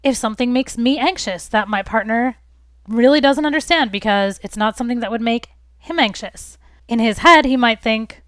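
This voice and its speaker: A woman's voice: on the high side, lively intonation, normal speed, a bit bright, clean tone, no room sound. A young woman hosting a relationship advice talk, speaking earnestly and reassuringly and explaining through everyday examples. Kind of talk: casual advice talk to camera.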